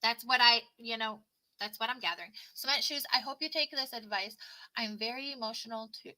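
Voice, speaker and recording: A woman with a high, very bright voice gives a casual livestream tarot reading into her laptop. She reads card meanings slowly, then rambles earnestly through her advice to viewers, often restarting and repeating herself. Her tone is sharp and ringing. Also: low-quality recording. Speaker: tarot reader. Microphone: laptop mic.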